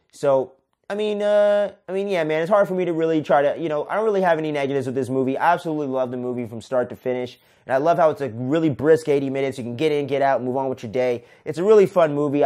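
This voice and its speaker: Excitable, profane male film reviewer. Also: mid-range voice. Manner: enthusiastic, profane, says "man" often. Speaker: podcast host, film reviewer. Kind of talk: casual solo movie review.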